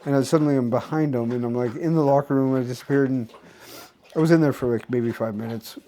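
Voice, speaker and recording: A man's voice: medium pitch, quick pace, dark tone, a little hiss or hum. A young man casually recapping his day for a vlog, rambling with many restarts and fillers. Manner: rambling, restarts often, filler-heavy storytelling. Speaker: vlogger.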